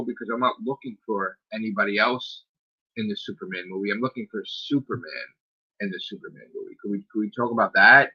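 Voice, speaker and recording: A man's voice: fairly low pitch, slightly rough. A man hosts his own streamed talk show in a loose, profane rant. He keeps piling up rhetorical questions and fillers, sounding exasperated. The recording is a bit dull and lo-fi. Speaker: podcast host. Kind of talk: casual rant. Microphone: streaming microphone.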